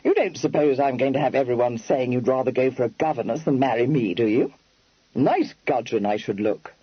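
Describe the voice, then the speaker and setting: A man voicing a blunt, gloomy young gentleman who talks in clipped, slangy bursts. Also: medium pitch, brisk, breathy edge, no echo, dull audio, natural voice.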